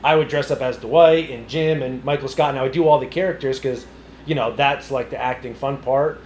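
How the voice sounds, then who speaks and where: A man's voice: mid-range voice, brisk, darkish tone, slight background noise. Laid-back young man in a roomy room. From New England. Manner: easygoing, self-deprecating, laughs often. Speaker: podcast guest, content creator. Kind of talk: casual interview chat.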